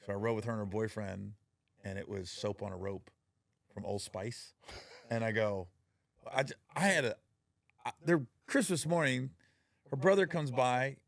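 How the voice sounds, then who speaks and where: A man hosting a podcast, telling personal stories in a casual, animated way and acting out the people in them. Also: lowish voice, normal speed, creaky, long pauses, no room sound. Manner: animated storyteller, acts out quoted voices, laughs often. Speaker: podcast host. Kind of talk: casual storytelling chat.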